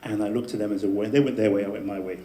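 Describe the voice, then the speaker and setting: A man telling a personal story to a live audience in a debate speech, animated, with laughing asides and emphatic peaks. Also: lowish voice, rapid-fire, slight background noise. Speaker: debate speaker. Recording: echoey room with faint ambience.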